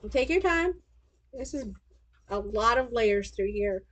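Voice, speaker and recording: A woman's voice: fairly high pitch, expressive, a little slow, a bit bright. A woman hosting a live sewing stream, chatting casually as she walks through each step. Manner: chatty, talks through her steps as she sews. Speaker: sewing livestream host.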